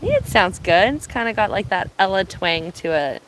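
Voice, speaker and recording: A woman from Ontario chatting casually on an outdoor live stream, speaking softly, answering viewers and laughing easily, filming on her phone. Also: medium pitch, expressive, moderate pace, background noise. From Ontario, Canada. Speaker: live-streaming bird watcher. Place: outdoors at a cottage. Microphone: phone on binoculars, held by hand.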